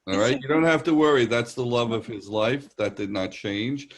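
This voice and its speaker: A man's voice: mid-range voice, normal speed. A man with a New York accent, a psychic medium giving rambling, reassuring readings on a live virtual show. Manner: rambling, reassuring, relays messages in quotes.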